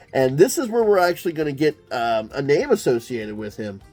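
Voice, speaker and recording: A man's voice: medium pitch, big pitch swings, a little fast, hardly any pauses, dark tone, soft background music. A man reviewing an old comic book, reading the captions aloud and adding chatty, joking asides. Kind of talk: casual commentary while reading a comic.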